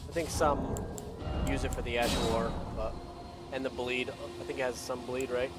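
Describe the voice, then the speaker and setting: A man's voice: mid-range voice, flat delivery, moderate pace, over loud music. A man chatting casually about a game in an easygoing way, often trailing off uncertainly. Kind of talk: casual gaming chat.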